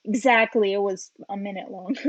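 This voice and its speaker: A woman's voice: mid-range voice, unhurried, lo-fi sound. A young woman vlogging in a casual, rambling reaction chat, giggling and full of fillers.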